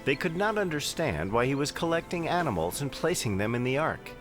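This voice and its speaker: Man doing calm pious Noah for a kids' cartoon, earnest storybook read, lively pitch, music bed underneath. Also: brisk, lightly acted. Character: calm pious male biblical patriarch. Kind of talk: scripted children's cartoon narration.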